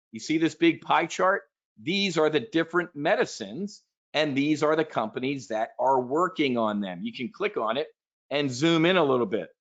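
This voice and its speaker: A man's voice: a little high, a bit bright. Emphatic salesy man, dull lo-fi sound. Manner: emphatic, salesy, addresses audience directly. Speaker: investment presenter. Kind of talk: live online investing webinar talk.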